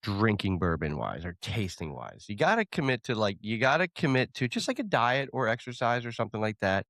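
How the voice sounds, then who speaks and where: A man co-hosting a casual chat show, teasing and retelling a story with animated energy. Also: on the low side, fairly quick, no room sound, studio quality. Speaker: podcast co-host.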